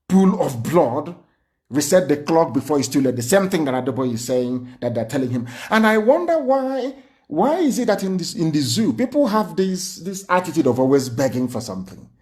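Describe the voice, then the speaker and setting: A man's voice: on the high side, sing-song, normal speed, darkish tone. A man giving an impassioned, indignant livestreamed speech full of rhetorical questions. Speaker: political speaker.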